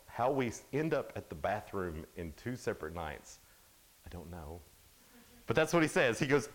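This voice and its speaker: A man in his thirties giving an animated youth camp sermon, storytelling and acting out the characters' lines. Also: a little fast. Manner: animated storytelling, acts out quotes in a higher voice. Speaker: camp speaker.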